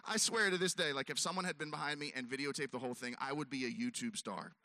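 A man's voice: mid-range voice, fast, pushed and bright, no room sound. A man telling a long self-mocking story on stage, acting out his own voice and others' as he goes. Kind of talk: stand-up storytelling.

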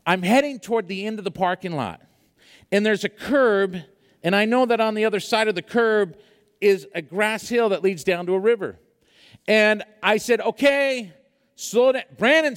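A man preaching a sermon, telling a personal story in an animated way with many fillers before reading scripture. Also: high voice, smooth, long reverb tail. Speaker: pastor.

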